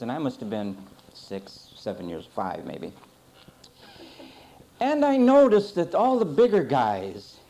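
Animated man preaching in a warm voice. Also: mid-range voice, slight background noise. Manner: folksy storytelling, tells a childhood anecdote; lively, swings between loud and quiet. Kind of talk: sermon.

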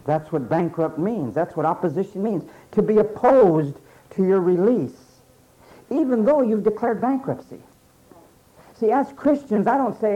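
A man preaching a sermon emphatically, repeating phrases and pausing for effect. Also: high-pitched, animated. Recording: dull lo-fi sermon recording.

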